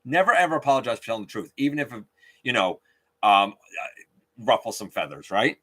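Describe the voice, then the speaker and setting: A man's voice: mid-range voice, sing-song, fairly quick, a bit bright. A man hosting a casual live stream, chatting openly and outspokenly while reading out viewer comments.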